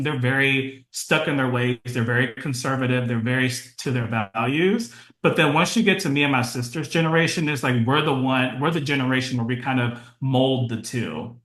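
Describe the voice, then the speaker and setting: Candid podcast guest in echoey room. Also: male voice, mid-range voice, fairly bright tone. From United States. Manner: candid, talks in short restarting phrases with many fillers. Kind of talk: casual interview conversation.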